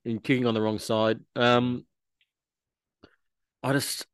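A man's voice: medium pitch, flat delivery, takes it slowly. A man on a casual sports podcast, thinking aloud with some hesitation.

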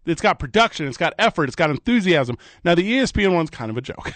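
A man hosting a morning sports talk radio show from a studio, bantering in a quick, joking way. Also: fairly high pitch, dry recording. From American Midwest. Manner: animated, quick, joking delivery. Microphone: studio microphone.

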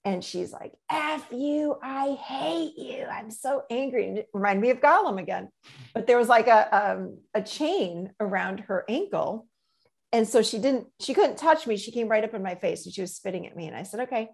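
A middle-aged woman coach telling stories in a gentle, reflective way in a casual interview. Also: medium pitch, lively intonation, a little fast, creaky. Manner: gentle, reflective storyteller with many "you know"s.

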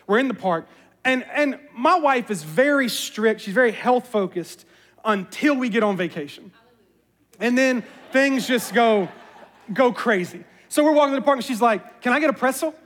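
A man, a pastor, giving a sermon as an animated, self-mocking storyteller. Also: very high voice, moderate pace. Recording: long reverb of a large hall.

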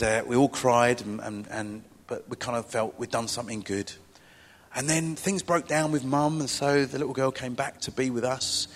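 A middle-aged male pastor preaching in a church, chatty and self-deprecating, with asides to his congregation. His voice is slightly husky and sits at an ordinary middle pitch. A long hall reverb trails behind every phrase. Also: a bit bright. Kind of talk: sermon.

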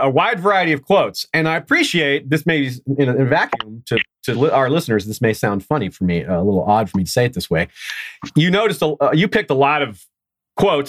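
A man's voice: medium pitch, a bit bright, no echo. A man hosting a casual podcast interview, enthusiastically speaking straight to his listeners. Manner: enthusiastic, addresses listeners directly. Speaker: podcast host.

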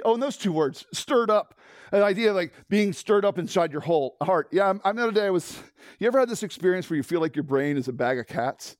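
A middle-aged man preaching a sermon as pastor, conversational and animated, swinging from loud emphasis to hushed tones and asking the congregation questions. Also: sits high, fast talker, dry recording, studio quality.

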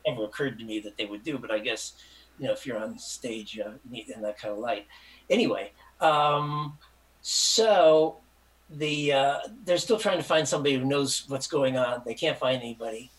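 A man's voice: medium pitch, normal speed, rough recording. An older man from Michigan telling a long, rambling story as an interview guest, acting out the voices of people in it. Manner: rambling, animated, acts out quotes. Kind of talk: casual anecdotal storytelling.

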